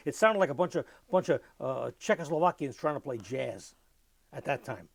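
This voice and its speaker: An older man giving an oral history interview, telling lively anecdotes and mimicking music with his voice. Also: medium pitch, fairly quick, creaky.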